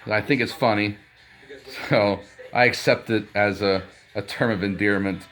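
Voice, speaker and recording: A man's voice: lowish voice, steady tone, normal speed, fairly bright tone, faint music behind. A man in his fifties chatting casually to his channel, rambling with lots of fillers and restarts. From United States. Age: 50s. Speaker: vlogger. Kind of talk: casual chat.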